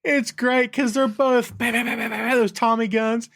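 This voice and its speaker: A man's voice: very high-pitched, level tone, moderate pace, creaky, fairly bright tone, no echo, clean studio sound. A man hosting a podcast, chatting casually about a film with enthusiasm, laughing often. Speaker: podcast host. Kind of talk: casual film review chat.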